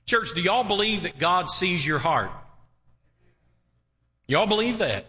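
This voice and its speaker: A man's voice: high voice, animated, pushed and bright. A male pastor preaching a sermon to his church, drawing out words and asking the congregation questions. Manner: emphatic, drawn-out preaching with rhetorical questions. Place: church sanctuary. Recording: reverberant church hall.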